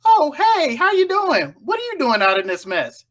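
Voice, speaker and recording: A woman puts on a cheery camp owner greeting someone he knows. His voice jumps high and loud, bright and friendly. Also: sing-song, normal speed. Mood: cheerful. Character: friendly middle-aged male camp owner.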